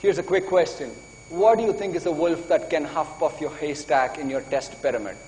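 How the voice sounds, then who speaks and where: Speaking at normal speed in a fairly high, slightly mellow voice, a man addresses a conference hall live. The recording carries the room's reverberation and faint noise as he eagerly pushes the audience and calls for applause.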